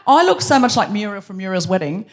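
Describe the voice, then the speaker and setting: A woman from Queensland whose Australian accent has softened toward English, hosting a live comedy podcast with wry, measured storytelling. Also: mid-range voice, very animated. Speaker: podcast host. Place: live stage before an audience.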